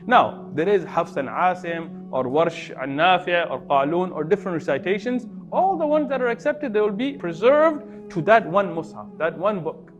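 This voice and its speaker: A man with a high, voice teaches a gathered audience. He stresses key words and keeps turning questions back to his listeners. Faint music plays behind him. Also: moderate pace, hardly any pauses, dull audio. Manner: asks the audience questions, lively emphasis. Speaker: Muslim speaker teaching non-Muslims. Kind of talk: explanatory talk to an audience.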